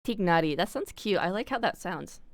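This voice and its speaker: A woman's voice: medium pitch, animated, fairly quick, no room sound. A young woman from Canada chatting casually on a live stream, rambling with lots of fillers and casual swearing.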